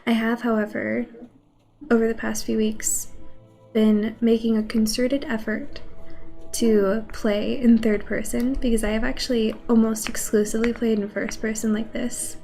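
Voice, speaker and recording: Woman streamer, scratchy cold-worn voice, gravelly fry, casual rambling chat, soft game music behind. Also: on the high side, little pitch movement, normal speed. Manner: chatty, rambling, greets chat. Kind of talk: casual chat while gaming.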